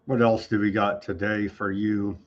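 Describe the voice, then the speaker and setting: A man with a lowish, flat voice talks at a moderate pace, hosting an online news show loosely and off the cuff while tossing in sarcastic asides. It's casual online news commentary, captured in slightly dull lo-fi sound.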